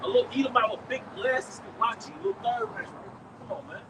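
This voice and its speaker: A man preaching to a camp outdoors in loud, emphatic street slang. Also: very high voice, sing-song, brisk. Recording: distant mic, traffic noise outdoors.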